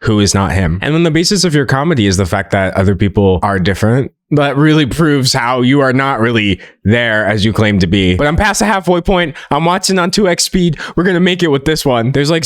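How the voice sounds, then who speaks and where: A man's voice: medium pitch, no room sound, clean studio sound. A young man hosting a commentary vlog, talking in a sarcastic, mocking and exasperated way. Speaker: commentary video host.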